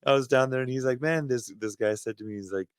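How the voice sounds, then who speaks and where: A man's voice: mid-range voice, fast talker, clean tone, no echo, clean studio sound. A Canadian man co-hosting a faith podcast, talking earnestly in a rambling, casual way with restarts. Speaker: podcast co-host.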